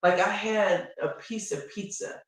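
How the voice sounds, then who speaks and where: A woman from Chicago chatting casually with viewers, telling stories in an animated way and reading out comments. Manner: animated storytelling, quick pitch swings, laughs often. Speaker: vlogger. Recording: roomy and distant from the mic.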